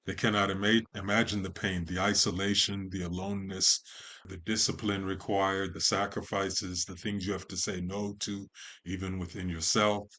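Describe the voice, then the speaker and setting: A man, a podcast guest, talking in a measured, poetic way and lingering on long lists of words. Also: low voice, flat delivery, sharp tone. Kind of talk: slow reflective conversation.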